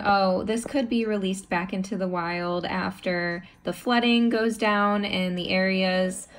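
A woman keeper talking casually in a vlog, chatty and soft-spoken, cooing to her pet spider. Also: medium pitch. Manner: chatty, talks softly and coos to the spider. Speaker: tarantula keeper.

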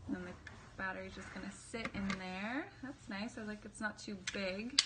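A woman's voice: mid-range voice, moderate pace, heavy background noise. A young woman vlogging casually as she unboxes a camera, bubbly and chatty, full of fillers and self-deprecating asides.

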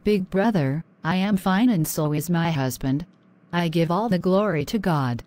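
A woman voicing a young married wife in an animated drama, pleading and worn down. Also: on the low side, unhurried, lightly acted. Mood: humble.

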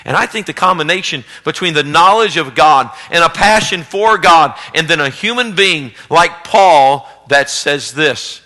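A man preaching a sermon as pastor, swinging between loud exhortation and hushed storytelling. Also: on the high side, lively intonation, a little slow, hardly any pauses. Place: church sanctuary, live service. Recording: long reverb of a church hall.

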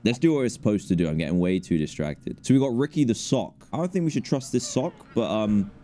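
A man gives chatty, joking commentary over a video game. His voice is mellow and warm, and it rises and falls a lot as he reacts to the game. A faint hum of noise sits underneath. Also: fairly low pitch, lively intonation, fast talker. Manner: jokey, reacting aloud, bursts into panicked yelling. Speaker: gaming YouTuber. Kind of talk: casual let's play commentary.

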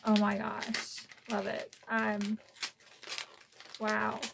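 A woman's voice: mid-range voice, completely flat delivery, extremely slow, creaky, background noise. A woman from Florida opening gifts in an unboxing vlog, gushing and emotional, easily moved to tears. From Florida, USA. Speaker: collector vlogger.

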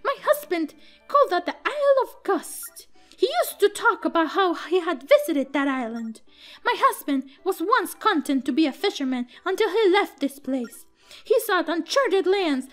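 A woman reading aloud as a worried village mother from a game. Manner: high, earnest reading voice. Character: weary middle-aged village mother, worried.

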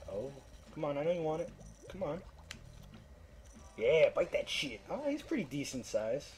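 There's slight background noise as a gameplay commentator, speaking at normal speed in a fairly high, a little mellow voice with big pitch swings, does casual let's-play talk. He cusses out the fish and pleads with them to bite, his coaxing eventually giving way to frustration.

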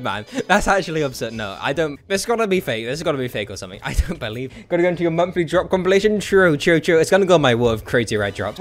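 He is a young man whose fairly high voice leaps around constantly as he gives live gameplay commentary. He jokes, mock-complains and breaks into yelps and laughter at the action on screen. Faint music plays underneath. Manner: excitable, jokey, bursts into laughter and yelps. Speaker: gaming streamer.

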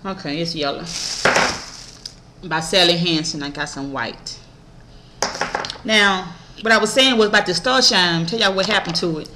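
With a fairly low voice and a moderate pace broken by frequent pauses, a mother walks her camera through a shopping haul over background noise. She's casual, blunt, and foul-mouthed, animatedly recounting stories and mimicking others' voices.

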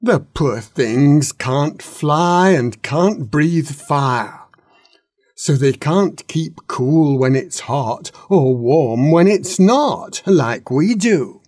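A man's voice: on the high side, lively intonation, very slow, a little mellow, no room sound, studio quality, heavily acted. A man as the fretful green dragon of Shay. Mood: worried. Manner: patient explaining.

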